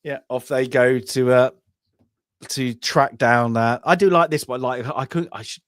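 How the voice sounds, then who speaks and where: A man's voice: mid-range voice, fairly even intonation, unhurried, fairly bright tone, no room sound, studio quality. A man co-hosting a casual film review, rambling through the story with lots of restarts and fillers, acting out lines.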